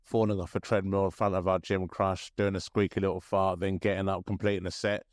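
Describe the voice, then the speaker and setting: A man in his thirties co-hosting a podcast in casual chat, chatty and quick to laugh. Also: low voice, little pitch movement, dry recording, studio quality. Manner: chatty, laughs often, restarts sentences. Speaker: podcast co-host.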